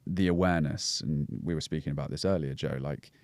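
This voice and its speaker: Deep-voiced Scouse man explaining calmly. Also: brisk, no room sound. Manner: reflective, explanatory, many fillers and restarts. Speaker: podcast guest, breathwork coach. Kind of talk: casual podcast conversation.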